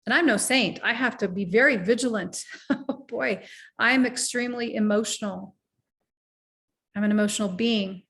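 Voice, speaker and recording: Middle-aged woman coach talking earnest and reflective, motivational vibe, eases into calm breathing cues. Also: a little high, normal speed, long pauses. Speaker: life coach. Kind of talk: motivational talk with guided breathing.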